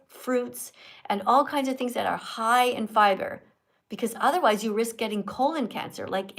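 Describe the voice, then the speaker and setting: A woman from Canada hosting a casual live stream, chatty and animated, quizzing guests in a teacherly way. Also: fairly high pitch.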